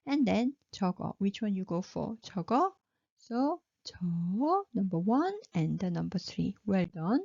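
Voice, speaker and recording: A woman's voice: medium pitch, creaky, warm tone, no echo. A woman teaching pronunciation, saying each syllable three times and praising her learners. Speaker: Korean language teacher. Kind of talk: slow, drilled pronunciation lesson. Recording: slightly dull, lo-fi recording.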